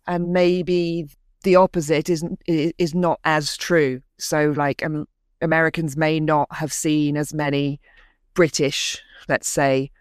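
A woman's voice: low-pitched, clean tone, dry recording, clean studio sound. A woman hosting a podcast, asking curious, hesitant questions with many fillers. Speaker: podcast host. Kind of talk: conversational interview.

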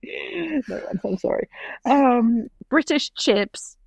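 A woman's voice: fairly high pitch, animated, takes it slowly, vocal fry, slightly rough, no echo, low-quality recording. A woman chatting casually, laughing often and poking fun at herself. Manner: laughs often, self-mocking. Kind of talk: casual chat.

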